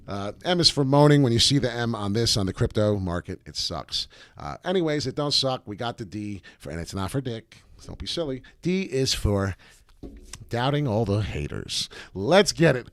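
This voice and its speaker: A man hosting a crypto live stream, talking loudly and excitedly to viewers, cursing and jumping from topic to topic. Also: medium pitch, normal speed, faint music behind. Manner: loud, hyped and profane, jumps between topics. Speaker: crypto video host.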